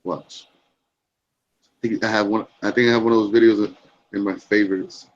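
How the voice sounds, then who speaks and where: A man's voice: fairly low pitch, level tone, moderate pace, lo-fi sound. A man chatting casually with friends, laughing and using crude slang about a clip he's playing. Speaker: chat room regular reacting to a clip. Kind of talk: casual chat.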